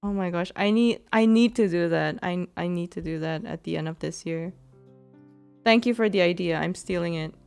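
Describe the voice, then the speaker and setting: A woman's voice: fairly low pitch, moderate pace, gravelly, darkish tone, smooth, faint music behind. A woman streamer in casual chat with her viewers, rambling and giggly, full of fillers.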